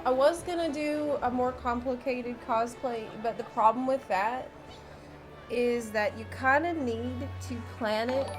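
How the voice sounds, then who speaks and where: A woman talks to her stream in a high, unhurried voice. She rambles and breaks off her own sentences. Faint music plays underneath. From United States. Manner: chatty, rambling, self-interrupting. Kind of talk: casual chat with stream viewers.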